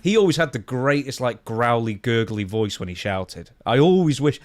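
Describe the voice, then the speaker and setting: A man's voice: mid-range voice, animated, moderate pace, no room sound. Man, co-host, enthusiastic, lots of likes and uhs, dry sound. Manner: enthusiastic, filler-heavy storytelling. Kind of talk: casual podcast chat.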